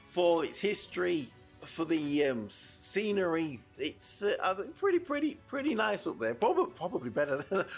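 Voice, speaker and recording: A British VTuber streamer delivers casual gameplay commentary in a high, lively, slightly rough voice. He's chatty and rambling, often restarting his sentences.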